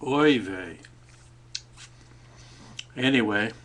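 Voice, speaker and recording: Casual male vlogger with a lowish voice, talking off the cuff into a webcam at a cafe, rambling and full of fillers. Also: extremely slow, background noise. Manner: rambling, with many fillers and restarts.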